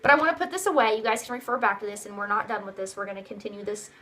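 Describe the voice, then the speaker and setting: A woman's voice: mid-range voice, racing, pushed and bright. A young woman giving upbeat sales training to her team, coaching in a repetitive way and acting out customers' replies. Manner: acts out customers' replies in a raised voice. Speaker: direct sales team leader.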